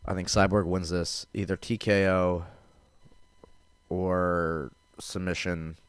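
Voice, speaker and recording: A man's voice: sits low, little pitch movement, slow pace, smooth, no room sound. A man hosting a casual MMA podcast, talking loosely and profanely with lots of ums and restarts. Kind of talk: casual fight-prediction podcast talk.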